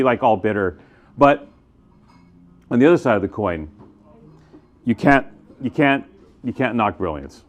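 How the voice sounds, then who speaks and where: A man who runs a wine shop, giving a chatty, enthusiastic wine review with lots of fillers and restarts. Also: mid-range voice. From United States. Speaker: wine retailer. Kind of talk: casual wine review to camera.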